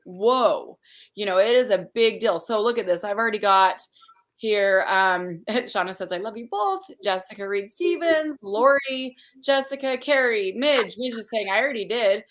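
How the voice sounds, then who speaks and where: A woman's voice: mid-range voice, moderate pace, a bit bright. A woman hosting a livestream conference, chatting casually and effusively while reading out viewer comments. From Utah. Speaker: conference host.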